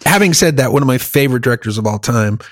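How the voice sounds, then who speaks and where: A man's voice: mid-range voice, animated, quick pace, no echo, clean studio sound. A man in casual chat, ranting about movies with heavy profanity.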